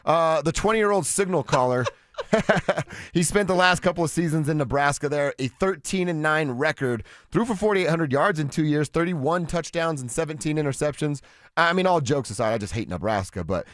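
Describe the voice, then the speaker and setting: Lively, joking sports radio host man. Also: on the high side, normal speed, no room sound, studio quality. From Colorado. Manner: laughs often, loose and joking. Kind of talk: casual sports talk radio banter.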